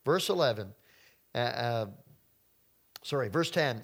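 A man preaching a sermon, reading scripture aloud and breaking in with lively rhetorical questions. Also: on the high side, normal speed. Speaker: pastor.

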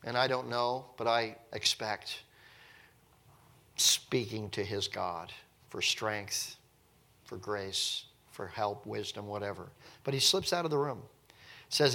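A man leading a casual Bible study, rambling and animated, acting out the people in the passage. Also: fairly low pitch, moderate pace. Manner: rambling, animated, acts out the people he talks about.

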